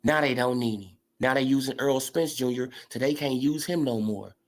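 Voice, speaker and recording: A woman's voice: very deep voice, moderate pace. A woman ranting heatedly in a sports commentary vlog, swearing freely and calling people out. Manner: profane, heated, animated.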